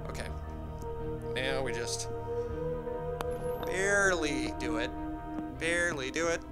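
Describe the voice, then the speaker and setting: A young man giving excitable gameplay commentary, mocking himself and shouting when surprised. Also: a little high, slow pace, loud music behind the voice. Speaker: gaming YouTuber.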